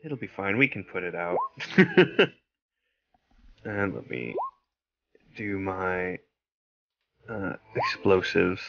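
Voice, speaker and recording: Bright-voiced man playing a tabletop game. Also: sits low, very animated, takes it slowly, gravelly, pauses often, dull audio, slight background noise. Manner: laughs often, easygoing. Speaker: player. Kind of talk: casual tabletop game play.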